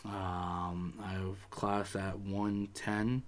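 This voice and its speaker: A man's voice: sits low, little pitch movement, very slow. A young man co-hosting a casual podcast, swearing freely and ranting animatedly. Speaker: podcast co-host. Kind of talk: casual chat. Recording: faint background noise.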